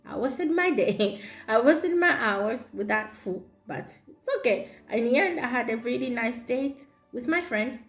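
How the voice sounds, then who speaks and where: Laughing Zambian woman telling a story. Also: mid-range voice. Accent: Zambian English. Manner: animated, laughs often while telling the story. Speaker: vlogger. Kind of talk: storytime vlog. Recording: roomy echo with faint background music.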